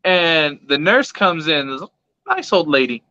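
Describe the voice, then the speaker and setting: A young man tells a rowdy story, cursing freely and acting out what others said. His voice sits high and bright. The sound is dry and muffled, like a cheap recording. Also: measured pace, dry recording. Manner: profane, laughing, animated retelling with quoted voices. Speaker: pet vlogger. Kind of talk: casual storytelling. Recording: dull lo-fi sound.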